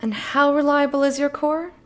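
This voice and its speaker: A woman's voice: sits high, little pitch movement, moderate pace, a bit bright, voice pushed up. A woman voicing a brusque young female archaeologist in a game, attempting a put-on accent. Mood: curt.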